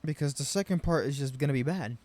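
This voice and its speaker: A man giving an unscripted game review rant, rambling and profane, with frustrated loud bursts. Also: medium pitch, quick pace. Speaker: game commentary vlogger.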